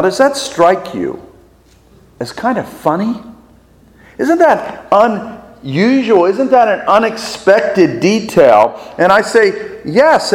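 A man preaching a sermon as pastor, deliberate and fond of rhetorical questions and repetition, in a reverberant church sanctuary. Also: a little high.

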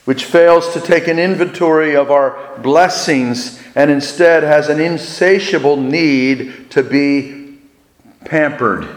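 Slow-speaking preacher in an echoing hall. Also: male voice, a little high. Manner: slow, deliberate storytelling with dramatic pauses. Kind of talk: sermon. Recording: echoey hall with long reverb.

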